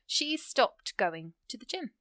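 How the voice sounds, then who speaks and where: A woman teaching English grammar, explaining rules patiently and reading example sentences slowly with stressed key words. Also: on the high side, big pitch swings, sharp tone, no echo, clean studio sound.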